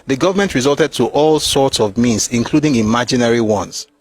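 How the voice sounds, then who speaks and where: A man's voice: medium pitch, fairly quick, breathy edge, dry recording. A man reading passages from a war memoir aloud and breaking off with mocking, emphatic asides.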